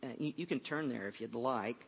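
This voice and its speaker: A man's voice: mid-range voice, brisk, creaky, husky, in a large hall, highs cut off. A man preaching a sermon to a room of listeners, telling a story conversationally with many stammers and restarts.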